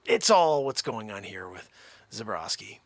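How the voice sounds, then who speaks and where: Animated gravelly man riffing comedy. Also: on the low side, a little slow, no echo. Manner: animated, jumps between voices and whispers. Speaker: livestream host. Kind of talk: improvised comedy rant to a live chat.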